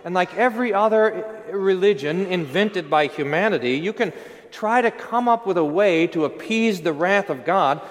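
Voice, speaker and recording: A male pastor delivers a sermon with animated, emphatic preaching. His voice sits high and climbs and falls a lot. The church around him rings with a long reverb. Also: normal speed.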